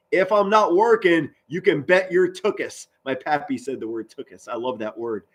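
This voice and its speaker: A man, doing loud live football play-by-play and chatting with viewers. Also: on the high side, a little slow. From Pennsylvania, US. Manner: loud, excitable, swings from mutters to shouts. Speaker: sports commentary streamer.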